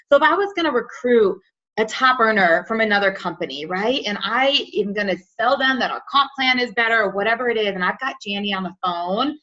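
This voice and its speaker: A woman hosting and coaching a team call, animated, acting out little scenes with lots of fillers. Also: a little high. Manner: animated, acts out quotes, says like and you know a lot. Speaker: team leader and call host. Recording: muffled lo-fi call audio.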